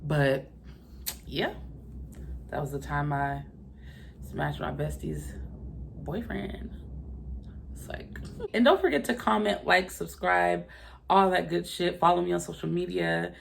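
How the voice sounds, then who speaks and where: A young woman telling a story to her viewers in casual, profane talk, voicing the people in it with loud quoted lines. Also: fairly low pitch, slow, vocal fry, long pauses, slight background noise. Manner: animated and profane, acting out quoted lines loudly. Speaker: vlogger.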